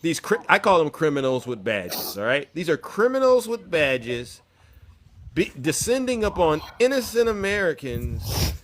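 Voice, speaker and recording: Loud mocking man hosting a call-in show. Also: a little high, sing-song, measured pace. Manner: loud and mocking, then hushed and sober. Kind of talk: live call-in talk show. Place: Bay Area.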